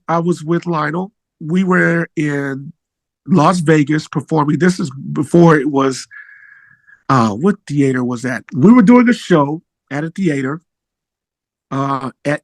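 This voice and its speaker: High-voiced animated man telling a story. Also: unhurried, no room sound. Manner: animated, rises high when excited. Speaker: musician guest. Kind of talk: casual storytelling.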